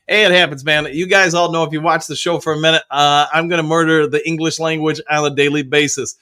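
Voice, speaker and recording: A chatty middle-aged man hosts a casual live stream. His voice sits a little high and sounds bright and forceful. He reads viewer comments aloud and cheers them on. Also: fairly even intonation, quick pace, few pauses, clean tone. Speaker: host of a live fan show.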